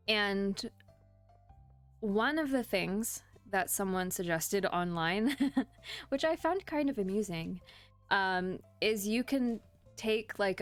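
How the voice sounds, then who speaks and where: A woman streamer chatting casually while playing a farming game, rambling and laughing often, with the hiccups. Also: medium pitch. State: has the hiccups. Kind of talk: casual gameplay chat.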